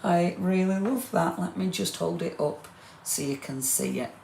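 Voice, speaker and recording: A woman's voice: on the low side, normal speed, vocal fry, dark tone, slight background noise. A woman leads a live crafting demo, chatty and gushing with rambling asides. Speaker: craft demonstrator. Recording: roomy echo.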